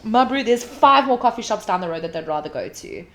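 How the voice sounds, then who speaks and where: A woman guest in a casual interview, telling animated stories, swearing freely and acting out what others said. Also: mid-range voice, a little fast. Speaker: hospitality guest.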